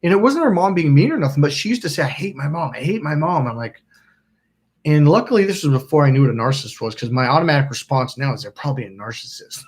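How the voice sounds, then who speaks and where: A man's voice: fairly high pitch, expressive, quick pace. A man hosting a self-help channel, telling a story in a rambling, casual way, acting out quotes and swearing now and then. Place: indoors by a smoking candle.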